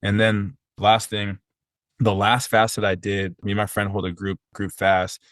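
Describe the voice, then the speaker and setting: Earnest low-voiced man telling his story. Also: little pitch movement, measured pace, fairly bright tone, no echo. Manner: earnest, rambling with many fillers and restarts. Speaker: podcast guest, personal trainer. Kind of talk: casual conversational storytelling.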